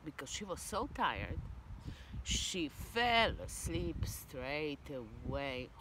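A woman casually telling a children's story to viewers outdoors, unhurried and with hesitations. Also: low voice, very animated, background noise.

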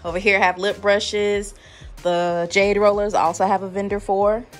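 A young adult woman gives a casual walkthrough vlog of her spa treatment room, listing items chattily with plenty of "like" and "um." Her voice is mid-range and level, at a moderate pace, with soft music playing in the background.

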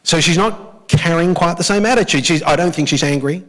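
An Australian pastor delivers a church sermon with real emphasis, slowing down to repeat key phrases and having the congregation say lines back to him. His voice is a little high and somewhat bright, and the recording quality is low.

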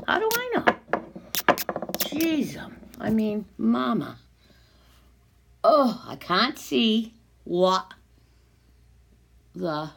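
A woman's voice: fairly high pitch, vocal fry, a bit bright, slight background noise. A woman filming herself and talking to unseen doubters in an agitated, sarcastic way, dropping to whispers and then rising to angry outbursts. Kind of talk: rambling self-recorded monologue.

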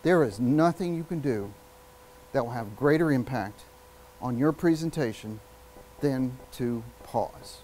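A man giving a live public speaking workshop, energetic and emphatic, shifting his speed and volume and using long pauses. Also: medium pitch, a little hiss or hum, rough recording. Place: workshop room with an audience.

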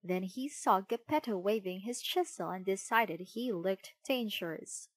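A woman narrating a children's storybook in an expressive, unhurried way. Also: mid-range voice.

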